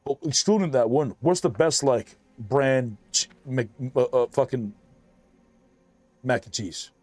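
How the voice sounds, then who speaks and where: A man's voice: medium pitch, a little slow, a little mellow, dry recording. A man streaming a game, chatting casually and profanely while reading his chat aloud.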